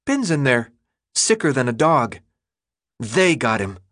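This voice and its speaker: A man reading aloud and voicing a chubby, cheeky twelve-year-old boy with a high childish pitch. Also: very animated, a bit bright. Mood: offhand. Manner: blunt, cheeky, quick-talking.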